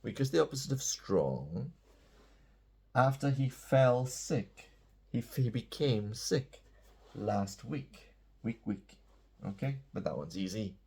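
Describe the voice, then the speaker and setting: A man's voice: mid-range voice, lively intonation, slow pace, creaky, warm tone, breathy edge. A man giving a casual, playful English lesson, chatty and self-mocking. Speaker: English teacher.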